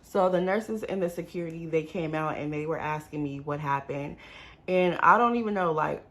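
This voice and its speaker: Gravelly woman telling a storytime vlog. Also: deep voice, normal speed. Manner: animated, addresses viewers as y'all. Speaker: vlogger. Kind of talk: casual storytime.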